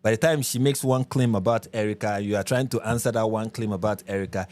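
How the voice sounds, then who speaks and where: A man's voice: lowish voice, fairly even intonation, quick pace, a little mellow. A man hosting a commentary channel, from Nigeria, explaining his point emphatically and with a lot of repetition. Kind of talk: reaction commentary.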